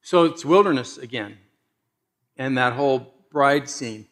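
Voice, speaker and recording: A man preaching a sermon and reading scripture aloud, swinging between loud emphasis and hushed asides. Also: medium pitch, lively intonation, measured pace. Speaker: pastor.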